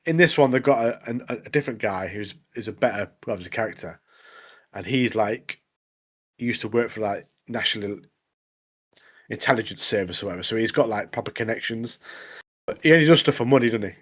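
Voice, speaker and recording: A man's voice: on the low side, a little fast. A man co-hosting a podcast, chatting casually and eagerly in slang. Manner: enthusiastic, slangy, keeps saying mate. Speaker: podcast co-host. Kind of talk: casual chat.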